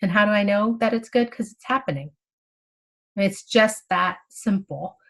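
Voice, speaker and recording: A woman's voice: mid-range voice, moderate pace, vocal fry. A woman explaining a spiritual text in a casual, conversational way, acting out inner thoughts as she goes. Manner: animated, conversational, acts out inner monologues. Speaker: spiritual study teacher.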